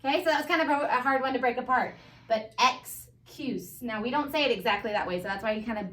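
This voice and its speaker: A woman with a Southern US accent, teaching a phonics review to first graders in a patient, encouraging way, sounding words out slowly. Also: on the high side, fairly bright tone. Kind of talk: phonics lesson for young children. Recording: echoey room, voice a bit far from mic.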